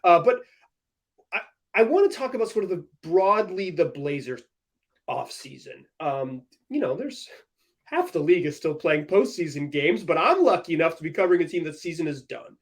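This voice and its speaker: A young man with a fairly high voice hosts a casual sports podcast, talking at a normal pace. He tells stories with lots of energy and animation, laughing along the way.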